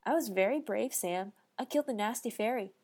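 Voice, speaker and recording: A woman voicing a brash, wisecracking young male monster hunter in a storybook reading, gruff and swaggering. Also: medium pitch, lively intonation, moderate pace, a little mellow. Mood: teasing.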